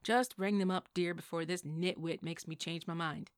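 A woman's voice: on the low side, fairly even intonation, normal speed, dry recording, studio quality, natural voice. A woman voicing a huffy, scolding older woman who bickers with her rival in a storybook reading.

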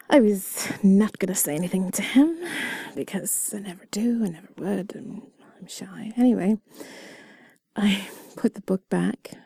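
Whispering woman in a gravelly, breathy whispered role-play. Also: mid-range voice, a little slow, pauses often, dark tone, no room sound. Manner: intimate, giggly and self-deprecating, mostly whispered. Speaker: audio role-play creator.

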